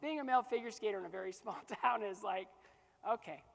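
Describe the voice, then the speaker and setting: A man's voice: high voice, quick pace, creaky, fairly bright tone, long reverb tail. A man giving a motivational keynote to a live audience. He tells stories, acts out the dialogue and laughs often. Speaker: motivational speaker.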